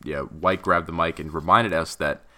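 A man co-hosting a casual podcast chat, swearing freely and ranting with animated exasperation. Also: a bass voice, normal speed. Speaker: podcast co-host.

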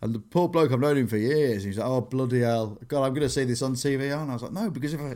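A man with a voice at a middle pitch, talking casually as a comedian on a podcast. He tells his stories with animated energy and slips into quick voices for the people in them. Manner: animated storytelling, acts out quotes.

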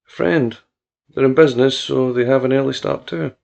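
A man reading the part of a calm, teasing young farm woman in an audiobook, speaking softly and unbothered. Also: mid-range voice, moderate pace, gravelly, close to an everyday voice. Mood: cool. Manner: soft, cool and unbothered.

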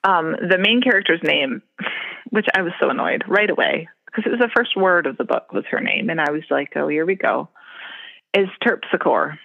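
A woman's voice: lowish voice, expressive, fairly quick, gravelly. A middle-aged woman telling stories in casual chat, laughing often. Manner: chatty storyteller, laughs often. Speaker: podcast co-host. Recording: tinny phone-like line.

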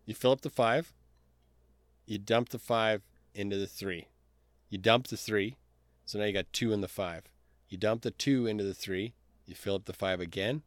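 Man, podcast co-host, deep voice, casual movie talk, dry close mic. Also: moderate pace, pauses often, no room sound. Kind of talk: casual movie recap chat.

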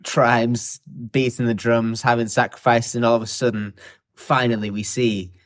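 A man co-hosting a podcast in easy, casual conversation. His voice sits at an ordinary middle pitch. He gets animated as he retells scenes and quotes lines. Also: moderate pace. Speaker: podcast co-host. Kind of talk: casual film discussion.

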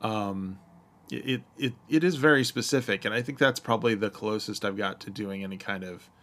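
A man's voice: fairly low pitch, normal speed, fairly bright tone. A man chatting casually, thinking aloud in a hesitant way as he searches for words. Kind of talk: casual chat.

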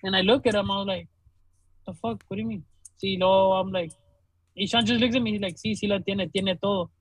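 High, husky young man. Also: fast, dry recording, poor audio. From Laredo, Texas. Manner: animated, swears a lot, laughs while telling stories. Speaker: DJ and podcast co-host. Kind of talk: casual storytelling chat.

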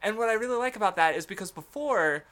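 A man's voice: sits high, expressive, quick pace, pushed and bright. A young man co-hosting a casual chat, rambling with many fillers, restarts and frequent laughter. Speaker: podcast co-host.

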